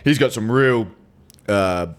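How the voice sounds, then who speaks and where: A man's voice: on the low side, slow pace. Chatty Australian man hosting a podcast. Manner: rambling, chatty. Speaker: podcast host. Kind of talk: casual chat.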